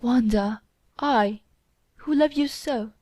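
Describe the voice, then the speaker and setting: A woman's voice: on the high side, slow pace, warm tone, dry recording. A woman voicing a pleading, lovesick young man in an audiobook, speaking emotionally. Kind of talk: audiobook character reading.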